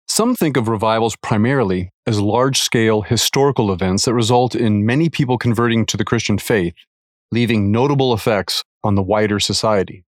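Man reading a faith article out loud, low voice, dry close sound, steady and earnest. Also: no echo. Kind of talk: reading a devotional article aloud.

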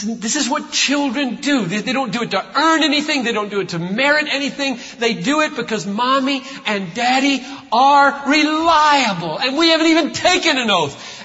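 A man preaching a sermon as pastor, emphatic, building to loud, slow declarations. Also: sits high, slightly rough. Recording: lo-fi recording in a reverberant hall.

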